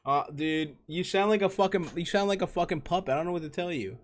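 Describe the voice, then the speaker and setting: A man's voice: high voice, fast talker. A young man hosting a comedy advice show, giving crude, profane and mocking answers to callers.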